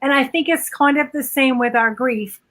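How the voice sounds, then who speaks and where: A middle-aged woman speaks as a guest in a relaxed live-stream chat. Her voice is high and bright, and she talks haltingly, often stopping to restart her sentences.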